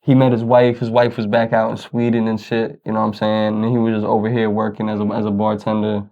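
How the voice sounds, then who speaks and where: Low flat-voiced man telling a story. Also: quick pace, lo-fi sound. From United States. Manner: rambling, slangy, lots of "you know what I'm saying". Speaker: podcast co-host. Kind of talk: casual storytelling chat.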